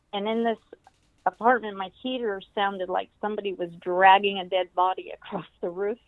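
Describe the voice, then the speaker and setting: Older female guest with a thin phone-line sound, animated storyteller who acts out quotes. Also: medium pitch, gravelly, no echo. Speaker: guest, author. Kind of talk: storytelling in an interview. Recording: tinny phone-like line, dry.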